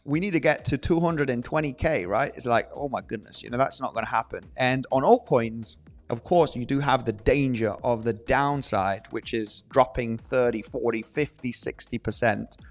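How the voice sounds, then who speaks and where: A young man hosting a live trading stream, reading viewer comments aloud in an animated, joking way, often restarting his sentences. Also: mid-range voice. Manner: animated, jokey, many restarts. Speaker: livestream host.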